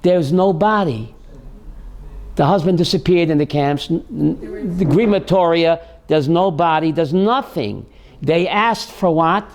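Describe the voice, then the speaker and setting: A rabbi hosting a call-in show tells a dramatic story in a high, emphatic voice. He repeats his key phrases again and again, with his pace surging and slowing. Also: lively intonation, a little hiss or hum. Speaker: rabbi and radio host.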